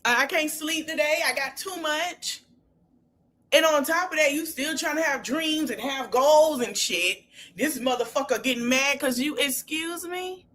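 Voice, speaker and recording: Talking at a normal speed, this woman hosts a podcast in an impassioned yet casual manner. She alternates between low murmurs and loud, high bursts.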